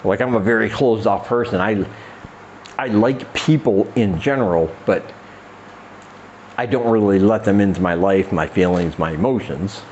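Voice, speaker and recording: A man's voice: moderate pace, darkish tone, muffled recording, a little hiss or hum. A man hosting a comedy podcast, rambling through a crude monologue and acting out quoted voices. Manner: rambling, acts out quoted voices in a raised pitch. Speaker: podcast host.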